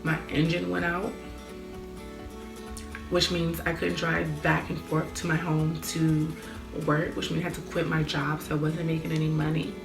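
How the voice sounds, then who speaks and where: Young woman telling her story, low gravelly voice, echoey room w/ music under it. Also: little pitch movement, normal speed. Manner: candid and earnest, lots of "like". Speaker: vlogger. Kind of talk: personal testimony.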